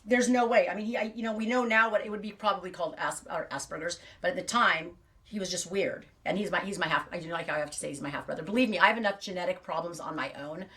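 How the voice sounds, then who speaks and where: A woman's voice: on the low side, fast talker, a bit bright, far from the mic. A middle-aged woman hosting a knitting livestream, chatting in a rambling, self-deprecating way. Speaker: knitting show host.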